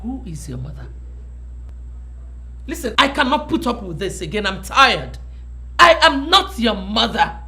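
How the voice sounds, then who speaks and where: Fierce Nigerian matriarch. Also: female voice, a little high, wildly swooping pitch, normal speed. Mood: furious. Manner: scolding, shouting. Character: fierce stepmother, a palace matriarch. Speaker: mother. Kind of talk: film acting.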